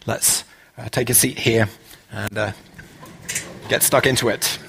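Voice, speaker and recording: A man preaching a relaxed, conversational sermon, full of "uh" fillers and rhetorical questions. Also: mid-range voice, measured pace, gravelly, a little hiss or hum.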